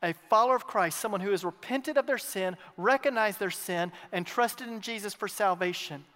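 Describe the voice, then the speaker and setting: Very high-voiced male preacher. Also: normal speed. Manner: emphatic, swings between loud and hushed, repeats phrases. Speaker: pastor. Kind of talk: sermon. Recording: long reverb of a large hall.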